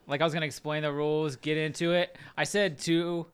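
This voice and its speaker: A man co-hosting a podcast, talking in relaxed casual chat and laughing through his words. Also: fairly high pitch, normal speed. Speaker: podcast co-host.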